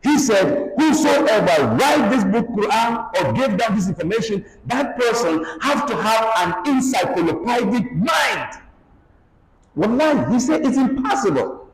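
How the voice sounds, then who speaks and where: A man preaching with lively, swooping pitch and emphatic bursts of force, his voice sitting a little high. He is heard in an echoey hall with long reverb and a faint hum of background noise. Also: a little slow, shouting, crowd noise. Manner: animated, emphatic preaching with frequent exclamations. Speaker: Islamic lecturer. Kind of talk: religious lecture.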